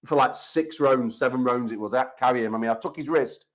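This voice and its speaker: A man's voice: medium pitch, quick pace, low-quality recording. English guy hosting a banter show, swears constantly, brash trash talk, mid voice. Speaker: host. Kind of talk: rowdy call-in chat show banter.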